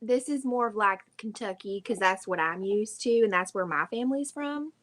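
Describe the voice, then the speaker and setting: A woman's voice: mid-range voice, normal speed, fairly bright tone. A woman guest in a casual livestream chat, bubbly and laughing, with lots of "like". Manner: bubbly, laughs between phrases, says "like" often. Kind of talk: casual live-stream chat.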